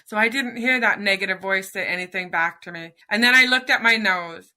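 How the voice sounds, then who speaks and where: A middle-aged woman speaks as a podcast guest, her voice strikingly bright and forward. She tells a personal story with earnest feeling, acting out her own inner dialogue as she goes. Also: mid-range voice, fairly quick.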